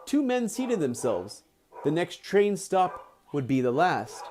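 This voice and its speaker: A man reads a book aloud on a live stream and breaks off into chatty, playful asides. His voice sits fairly high and swings through a lively, animated range of pitch. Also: slow pace, slight background noise.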